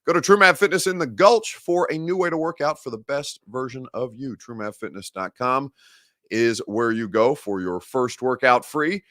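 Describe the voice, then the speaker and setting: A man's voice: medium pitch, expressive, moderate pace, fairly bright tone, no room sound, clean studio sound. Chatty male sports show host. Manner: conversational, chatty, reads live comments aloud with wry humor. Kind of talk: live-streamed sports talk show. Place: sports studio.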